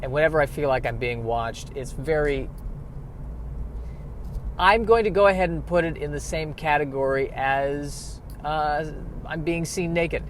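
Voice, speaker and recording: A man's voice: a little high, measured pace, a little hiss or hum. A man giving a rambling, self-deprecating comic monologue outdoors near a street. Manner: self-deprecating, riffs with rising exasperation. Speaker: vlogger.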